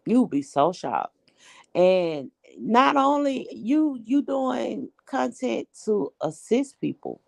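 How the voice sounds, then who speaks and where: A woman's voice: fairly high pitch, very animated, slow, vocal fry, a little mellow, no room sound. A woman hosting a casual group chat, blunt and slangy, laughing often. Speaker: host.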